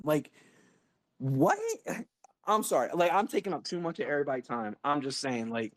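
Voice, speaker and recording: A man's voice: on the high side, expressive, normal speed, no room sound. A man in his thirties speaking emotionally in a live online audio room. He is blunt and profane, and he stresses points by repeating words and restarting sentences. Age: 30s. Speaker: guest speaker.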